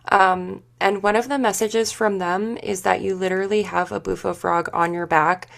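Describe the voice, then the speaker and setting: A woman giving an intuitive spiritual reading to a group, speaking haltingly and searching for words with many fillers. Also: mid-range voice, fairly even intonation, creaky, fairly bright tone. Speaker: spiritual session leader.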